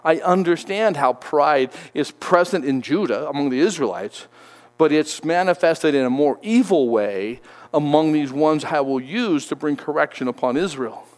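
A man's voice: on the high side, expressive, moderate pace, big-room sound, lightly acted. A man voicing God as a plainspoken, assured figure in a Bible teaching. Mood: assuring. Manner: plain, conversational, folksy phrasing. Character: God answering a prophet, calm and knowing.

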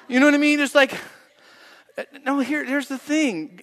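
A high-pitched male pastor preaching a sermon, his voice ringing with the long reverb of a large hall. He is animated and acts out the prayers he quotes, swinging his pitch up and down and going loud or soft. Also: moderate pace.

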